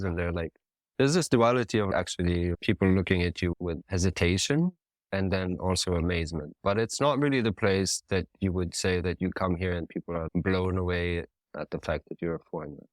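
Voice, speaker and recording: A man's voice: deep voice, a little fast, dry recording. A man talking in a casual interview as a ceramic artist, thoughtful and searching for words. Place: living in Japan.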